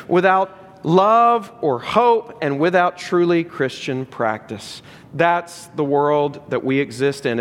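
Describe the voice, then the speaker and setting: A high-pitched man preaching from the pulpit, hammering his points home with repetition and questions to the congregation. His voice rings through a reverberant church hall. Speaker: pastor. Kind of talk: sermon.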